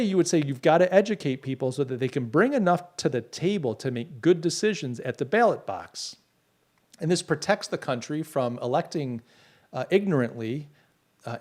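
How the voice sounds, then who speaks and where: A middle-aged man hosting a podcast, rambling through opinions and reading out viewer comments in casual livestream talk. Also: mid-range voice. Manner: opinionated, rambling, many restarts. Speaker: podcast host.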